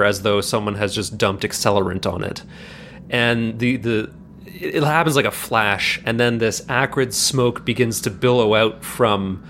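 A man narrating a tabletop game as game master, descriptive and halting, with many fillers. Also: on the low side, fairly bright tone, a little hiss or hum.

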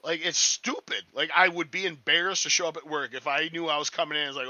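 A man's voice: a little high, fairly even intonation, fast talker, few pauses, sharp tone, no room sound, rough recording. A man chatting casually as a restaurant line cook, rambling, swearing a lot and sounding cocky. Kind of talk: casual podcast chat.

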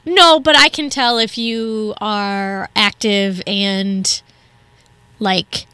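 Brief: woman co-host, chatty and rambling, unhurried delivery, bright tone. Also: medium pitch, fairly even intonation, clear, resonant tone, no echo. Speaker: radio co-host. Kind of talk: casual radio banter. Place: radio studio.

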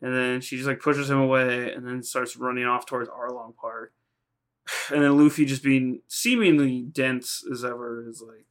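Flat-voiced man casually recapping episodes. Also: medium pitch, normal speed. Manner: rambling, profane, retells scenes in quoted voices. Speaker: podcast co-host.

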